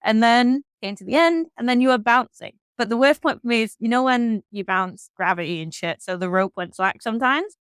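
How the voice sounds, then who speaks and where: A woman from England with an English accent, a guest telling a story in casual chat, frank and animated, swearing freely. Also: a little high, a little fast, hardly any pauses, clear, resonant tone, no room sound. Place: hostel room.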